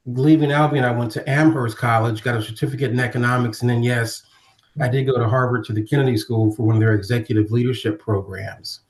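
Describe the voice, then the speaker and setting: A middle-aged man from Ohio, telling stories as a podcast guest in a lively conversational way and acting out other people's voices. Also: medium pitch. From Ohio, USA. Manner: animated storyteller, acting out quoted voices. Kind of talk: storytelling in casual conversation. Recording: roomy echo.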